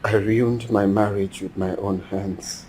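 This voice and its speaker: A man playing a heartbroken husband who ruined his marriage, speaking in a despairing, halting way in a film drama. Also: fairly low pitch, flat delivery, warm tone, slight background noise, rough recording.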